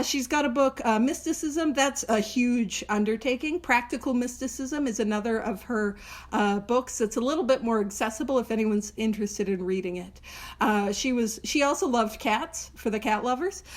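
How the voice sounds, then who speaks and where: Earnest woman leading a book study. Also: fairly high pitch. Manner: earnest, emphatic, self-deprecating. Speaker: host of a recovery book study. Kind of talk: casual teaching talk.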